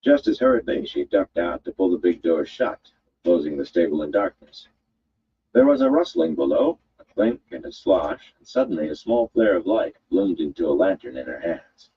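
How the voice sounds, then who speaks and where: A man reading a fantasy story aloud with expressive, measured narration. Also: low-pitched, gravelly, dull audio, slight background noise. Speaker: audiobook reader.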